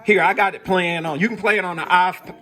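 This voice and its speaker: Man, high bright voice, chatty shop vlogger who rambles on. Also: fairly even intonation, brisk. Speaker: bike builder vlogger. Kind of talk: casual chat to camera.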